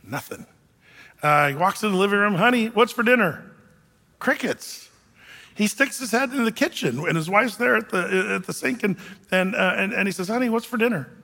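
A man's voice: high-pitched, animated, moderate pace, creaky, bright, forceful tone, big-room sound. A man preaching a sermon as pastor, telling stories in a chatty way with many fillers and restarts.

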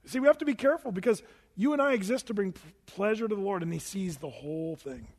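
A man's voice: high-pitched, animated, fast, a little mellow, long reverb tail. A man preaching a sermon as pastor in a conversational, folksy way, firing questions at the congregation. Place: church sanctuary.

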